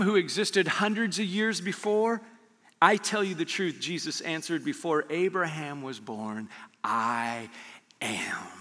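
Animated high-voiced preacher in a reverberant hall. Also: male voice. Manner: animated preaching, voice rising and dropping sharply. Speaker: pastor. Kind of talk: sermon.

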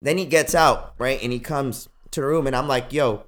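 A man's voice: mid-range voice, a little fast. Slangy young man telling a story. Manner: animated, slangy, swears freely. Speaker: podcast host. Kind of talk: casual storytelling chat.

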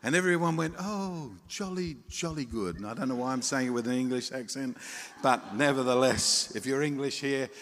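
A male pastor, preaching a sermon with animated storytelling, acting out voices and chuckling asides. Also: mid-range voice, fairly quick, long reverb tail, slight background noise. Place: church hall.

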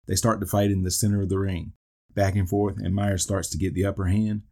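A man's voice: low voice, flat delivery, fairly quick, mellow. A man hosting a podcast, narrating a play-by-play recap of a wrestling match and dropping dry wisecracks between the moves. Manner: dry asides and wisecracks between call-outs. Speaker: podcast host.

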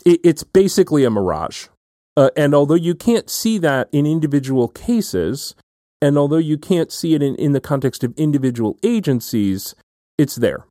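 A man's voice: mid-range voice, sing-song, normal speed, mellow, dry recording, clean studio sound. A man hosting an academic talk, building long, careful questions and often checking in with "right?". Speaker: podcast host. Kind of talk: academic conversation.

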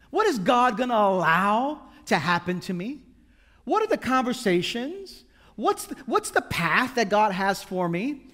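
A man preaching a sermon with a notably high voice. He talks to the congregation conversationally, asking rhetorical questions and adding light humor. His voice rings with the long echo of a large hall. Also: a bit bright. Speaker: pastor.

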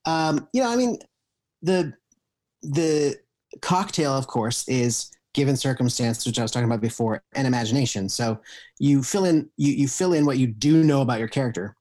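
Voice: mid-range voice, animated, normal speed, a little mellow. Talkative podcast guest explaining improv. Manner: explanatory, full of ums, laughs easily. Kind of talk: casual podcast chat.

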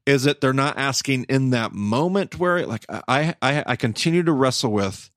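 A man's voice: medium pitch, animated, moderate pace, no echo, clean studio sound. A man hosting a podcast, thinking aloud in a casual Bible study discussion, searching for words and restarting phrases. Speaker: podcast host.

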